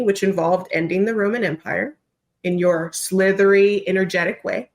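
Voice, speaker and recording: A woman, a trained actor, who is a podcast guest, telling a story in casual, expressive chat and swearing now and then. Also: mid-range voice, moderate pace.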